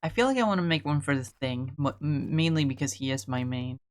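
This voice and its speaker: A woman's voice: low voice, lively intonation, a little fast. A woman streamer chatting casually to herself while playing, muttering, swearing and trailing off mid-thought.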